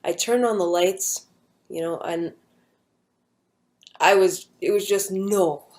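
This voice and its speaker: A young woman casually recounting a personal near-death story, rambling with many fillers and an earnest, hushed manner. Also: medium pitch, slow pace.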